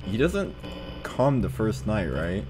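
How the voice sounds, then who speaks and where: A man's voice: lowish voice, very animated, takes it slowly, noisy background. A man casually commenting over gameplay, loose and slangy. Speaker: gaming channel host.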